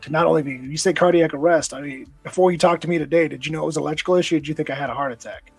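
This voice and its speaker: A man's voice: on the high side, steady tone, very fast, gravelly, a little mellow, breathy edge, no room sound, soft background music, poor audio. A man guesting on a podcast, telling an emotional personal story in an earnest, intense way, often repeating words when stirred. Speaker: podcast guest, nonprofit founder.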